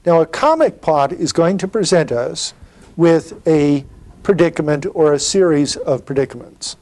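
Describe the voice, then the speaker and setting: A man's voice: fairly high pitch, expressive, normal speed, darkish tone. A middle-aged man giving a literature lecture, explaining patiently and asking rhetorical questions. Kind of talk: university-style lecture.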